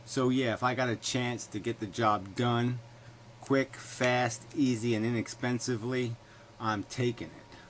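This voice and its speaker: A man ranting alone to camera in a combative, profane way, hammering his points with sarcastic rhetorical questions. His voice sits at an ordinary middle pitch. A faint hum of room noise lingers behind him. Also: steady tone, measured pace. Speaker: video blogger. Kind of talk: solo ranting monologue.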